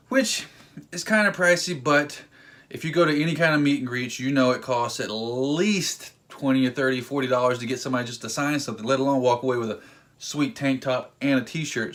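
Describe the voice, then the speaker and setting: Casual male vlogger, average pitch, rambling and excitable delivery. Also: normal speed. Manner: excitable, rambling, acts out quotes. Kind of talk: casual storytelling vlog.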